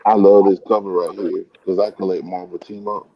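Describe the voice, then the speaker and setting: Deep-voiced laid-back man on a phone. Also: little pitch movement, a little fast, highs cut off, noisy background. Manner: laid-back, rambling, says "man" often. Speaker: live stream host, comic collector. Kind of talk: casual chat. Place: comic book store.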